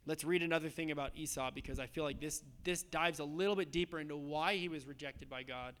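A pastor preaches emphatically but conversationally, regularly checking in with listeners through "okay?" and "right?" His fairly high, somewhat bright male voice moves at a quick pace over slight background noise.

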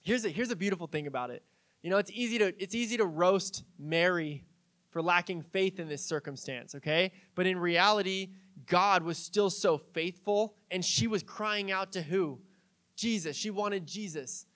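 A young man with a high, light voice preaching a casual sermon. He chats with his congregation, mixing stories and small jokes with easy fillers. His delivery stays relaxed and conversational. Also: normal speed. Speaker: pastor.

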